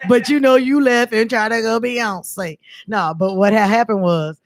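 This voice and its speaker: Raspy-voiced woman telling stories. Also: fairly high pitch, unhurried, no room sound, clean studio sound. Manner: lively, emphatic, laughs often. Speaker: actress and voiceover artist guest. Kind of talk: animated storytelling in a radio interview.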